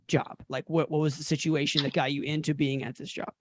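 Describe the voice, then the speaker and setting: A man's voice: fairly high pitch, no room sound, clean studio sound. A man hosting a casual podcast, asking questions and laughing along with his guest. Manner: relaxed, joking, quick to laugh. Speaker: podcast host.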